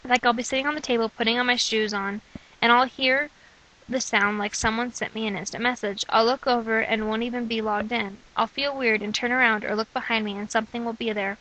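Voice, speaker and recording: Bright-voiced young woman reading earnestly. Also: fairly high pitch, steady tone, brisk, low-quality recording. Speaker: person sharing her own testimony. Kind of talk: reading her own letters, prayers and poems aloud.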